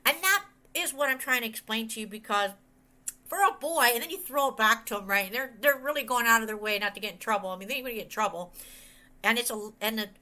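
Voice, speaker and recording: A middle-aged woman pastor talks her way through a message in a loose, chatty sermon style. Her voice sits somewhat high and rings bright and forceful. She wanders through anecdotes and acts out the people she quotes. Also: fast. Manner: rambling, animated, quotes others in voices. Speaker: pastor and author. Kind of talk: conversational sermon with storytelling.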